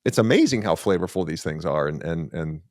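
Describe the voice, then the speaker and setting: A middle-aged man hosting an interview podcast, talking with excitement and lots of "like" and "you know". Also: low-pitched, brisk, no echo, studio quality. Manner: enthusiastic, filler-heavy, animated. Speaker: podcast host. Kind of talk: casual interview conversation.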